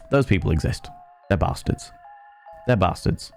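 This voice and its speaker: A man's voice: fairly low pitch, normal speed, soft background music. Sweary man telling stories on stream. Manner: sweary, animated storytelling, reads chat aloud. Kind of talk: casual live-stream chat.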